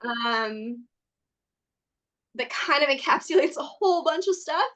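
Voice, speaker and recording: A woman from California, a podcast guest, telling stories in a lively, casual way, laughing often and saying "like" a lot. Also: high-pitched, measured pace, lo-fi sound. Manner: animated, laughs often, many "like" fillers. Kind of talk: casual storytelling chat.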